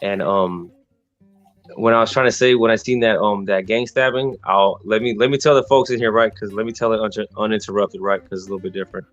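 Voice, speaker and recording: A man from Texas with a fairly low voice tells a rambling, slang-filled story. He often stops to restart his sentences and fills the gaps with "um" and "right?". Faint music plays behind him. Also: fairly even intonation, fast, no room sound, muffled recording. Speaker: podcast co-host telling a story. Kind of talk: casual storytelling chat.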